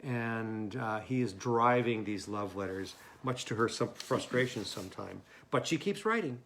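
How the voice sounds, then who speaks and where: A man's voice: fairly low pitch, lively intonation, moderate pace, noisy background. Hesitant man hosting a play reading. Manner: hesitant, many fillers. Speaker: host. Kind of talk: casual introduction.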